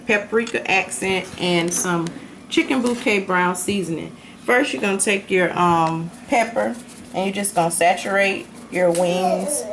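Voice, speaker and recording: A woman walking viewers through a home recipe in an easygoing, chatty way as she cooks in her kitchen. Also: medium pitch. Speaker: home cook demonstrating a recipe. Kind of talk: casual cooking tutorial. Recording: noisy kitchen with clattering dishes and pans.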